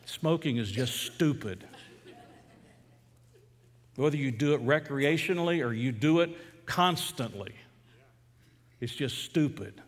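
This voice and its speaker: Pastor preaching in an echoing hall. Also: male voice, mid-range voice, lively intonation, a little slow, pauses often. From Atlanta, USA. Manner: conversational storytelling preaching with fervent emphasis. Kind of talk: sermon.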